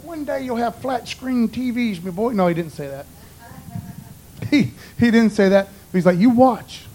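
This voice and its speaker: A man's voice: high voice, a little mellow, low-quality recording. A man giving an informal, conversational sermon in a folksy way, often dropping "man" and "you know". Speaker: preacher.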